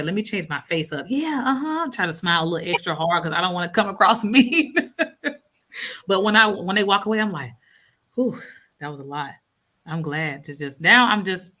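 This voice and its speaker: A woman's voice: lowish voice, bright, forceful tone. A woman in her thirties hosting a casual live stream, reading out comments and acting out her own thoughts with lots of laughter.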